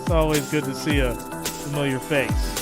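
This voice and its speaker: A man's voice: a little high, steady tone, normal speed. A man hosting a live reaction stream, chatting casually and greeting viewers by name. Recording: music playing behind the voice.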